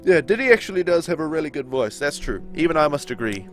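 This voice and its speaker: A man's voice: fairly high pitch, very animated, fast talker, fairly bright tone, soft background music. A young man with a nasal voice and a sore throat, chatting casually as he streams a game and answers his viewers. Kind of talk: casual chat during a live game stream.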